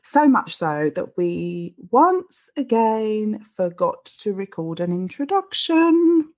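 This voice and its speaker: A woman's voice: medium pitch, big pitch swings, slow, darkish tone. A woman, chatty and self-deprecating, informally introducing her podcast episode as co-host.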